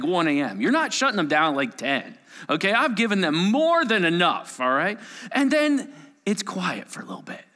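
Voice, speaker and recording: A man preaching a sermon to a live church audience, telling a story in a playful, animated way and acting out voices and sound effects. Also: fairly high pitch. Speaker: pastor. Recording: long reverb of a large hall.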